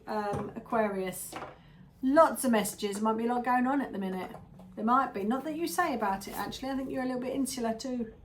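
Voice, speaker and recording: A woman's voice: fairly high pitch, a little mellow, a little hiss or hum. A woman giving a casual tarot reading to her viewers, chatty and rambling, often drifting into little asides. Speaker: tarot reader.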